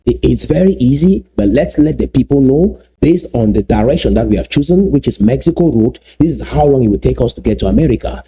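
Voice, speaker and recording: Male commentator, husky and mellow-toned, emphatic, repeats points slowly. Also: mid-range voice. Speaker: political commentator. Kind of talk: solo video commentary.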